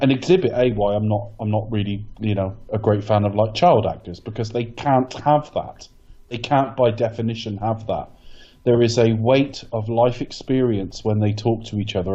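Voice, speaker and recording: A man's voice: lowish voice, warm tone, lo-fi sound. A man co-hosting a casual film podcast, wry and joking, with long rambling turns. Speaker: podcast co-host. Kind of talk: casual film review chat.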